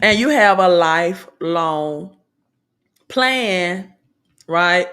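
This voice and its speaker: A woman's voice: lowish voice, lively intonation, very slow, fairly bright tone. A woman with a Southern American accent, hosting a motivational business talk and preaching in repeated slogans and alliterations. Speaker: host.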